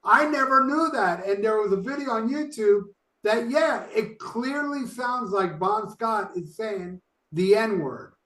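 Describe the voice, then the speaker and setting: High bright man, distant and roomy. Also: a little slow. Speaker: podcast co-host. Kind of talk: casual chat.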